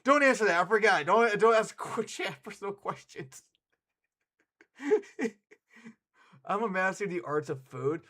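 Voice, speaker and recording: Excitable man chatting on stream. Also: high voice, unhurried, long pauses. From United States. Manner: excitable, swears a lot, bursts into laughter. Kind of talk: casual chat with viewers.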